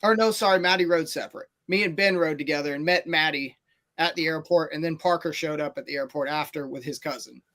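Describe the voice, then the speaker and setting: A man telling a long story on a casual podcast, animated and rambling, with many fillers and restarts. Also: on the high side, fast.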